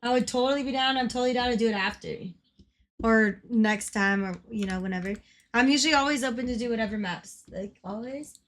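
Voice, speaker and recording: A woman's voice: on the high side, brisk, fairly bright tone. A young woman livestreaming a game, chatting casually, laughing often and swearing freely. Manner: giggly, swears freely, teasing. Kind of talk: casual gaming stream chat.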